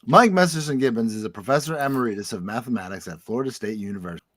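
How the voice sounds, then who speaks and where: A man with a mid-range voice recorded dry and close, with no room sound. He hosts a casual podcast chat, tossing in wry quick asides. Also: mid-range voice, fairly bright tone, dry recording. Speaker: podcast host.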